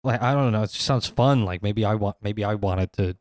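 A man's voice: lowish voice, fairly quick, dry recording, studio quality, natural voice. A man voicing a boastful but bumbling male superhero who stammers and repeats himself.

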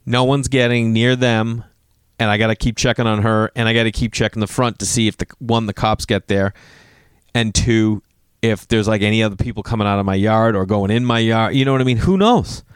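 A man's voice: lowish voice, brisk, clear, resonant tone, dry recording, clean studio sound. A man telling a story in casual talk, swearing freely and acting out what people said. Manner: animated, profane, acts out quotes.

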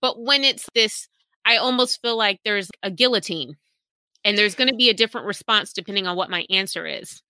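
A woman's voice: medium pitch, brisk, no echo, low-quality recording. A woman with a Southern American accent, chatting casually as a guest and acting out bits of dialogue. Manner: animated, acts out quoted dialogue. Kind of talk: casual chat.

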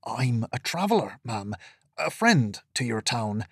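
A man voicing a polite male traveller who speaks softly and courteously. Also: medium pitch, sing-song, a little slow, breathy edge, no room sound, studio quality, exaggerated voice. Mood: hushed polite. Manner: soft, hushed and courteous.

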